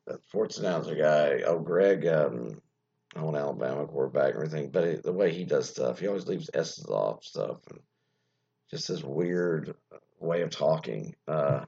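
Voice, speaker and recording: On a dull, lo-fi recording, a show host speaks in an extremely low, creaky voice that's husky and a little mellow. He rambles casually on his radio show, cutting himself off and cursing freely while reacting to what he reads.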